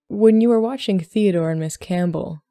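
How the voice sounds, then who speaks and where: A woman reading a story aloud, voicing a reserved young gentleman at a ball who speaks evenly and gravely. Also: mid-range voice, normal speed, no echo, clean studio sound, soft background music, close to an everyday voice. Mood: level. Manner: even, grave.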